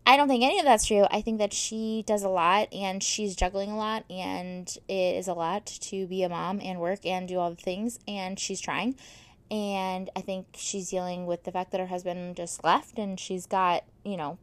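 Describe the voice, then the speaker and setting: A woman's voice: medium pitch, steady tone, moderate pace. A woman in casual chat, reading book reviews aloud and answering them with many fillers, defensive of her favorite books.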